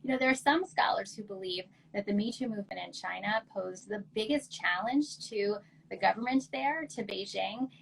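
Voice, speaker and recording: Gravelly-voiced woman guest expert. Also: mid-range voice, a little hiss or hum, low-quality recording. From United States. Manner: articulate and measured. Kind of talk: interview answers.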